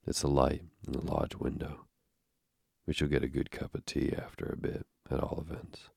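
A man reading the lines of a stern, brisk middle-aged housekeeper in a curt, no-nonsense way, in an audiobook. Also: extremely low pitch, flat delivery, gravelly, a little mellow, slightly rough, no echo, studio quality, full character voice. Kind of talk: audiobook narration.

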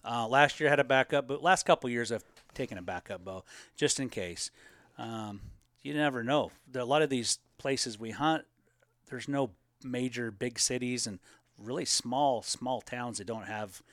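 A man co-hosting a casual live question-and-answer chat about elk hunting, talking in a relaxed, rambling way with plenty of fillers. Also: mid-range voice, moderate pace, dry recording, clean studio sound.

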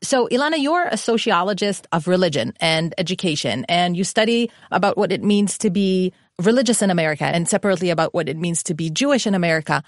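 A woman's voice: on the low side, lively intonation, fast talker, few pauses, no echo, clean studio sound. A woman from Israel co-hosting a podcast, asking questions and musing thoughtfully on ideas. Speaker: podcast co-host. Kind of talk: conversational podcast interview.

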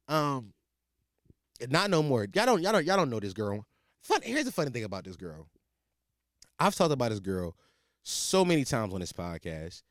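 Man, podcast host, profane comic rant, lively pitch swings, dead dry sound. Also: moderate pace, long pauses, no echo. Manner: ranting, animated, profane, with frequent restarts. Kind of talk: profane comedic podcast monologue.

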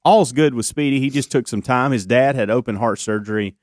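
A man's voice: mid-range voice, fairly quick, dry recording, studio quality. A man hosting a morning radio show, telling a long story in casual chat with lots of restarts and fillers. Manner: rambling storyteller with many restarts and ums.

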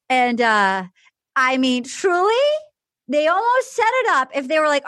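Animated high-voiced woman host. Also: normal speed, no echo. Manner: animated, acts out quotes from the show. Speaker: podcast host. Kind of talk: casual chat.

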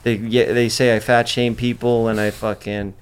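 A man's voice: medium pitch, flat delivery, moderate pace, smooth. A man hosting a podcast in casual chat, brash and boastful, swearing freely as he talks. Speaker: podcast host.

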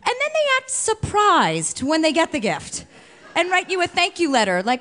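A woman's voice: high-pitched, wildly swooping pitch, moderate pace, fairly bright tone. A woman doing a stand-up set on a club stage, blunt and mocking, into a stage microphone. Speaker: stand-up comedian. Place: comedy club stage with live audience. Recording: live club recording with faint crowd and noise.

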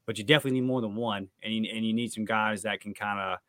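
A man's voice: steady tone, fast talker, fairly bright tone. Fired-up man co-hosting a sports podcast. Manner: fired up, rants with rising pitch and emphasis. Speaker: podcast co-host. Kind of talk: casual sports recap chat.

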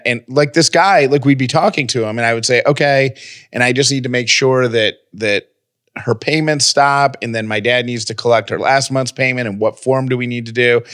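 A radio host chatting casually and telling a story with many restarts, nursing a lingering cough. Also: male voice, medium pitch, a bit bright, no room sound, clean studio sound. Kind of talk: casual chat.

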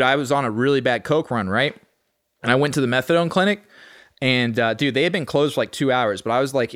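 A man's voice: mid-range voice, no echo, studio quality. Man telling stories, casual and profane. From Texas. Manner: profane, streetwise, lively recounting. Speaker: podcast guest. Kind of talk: casual storytelling.

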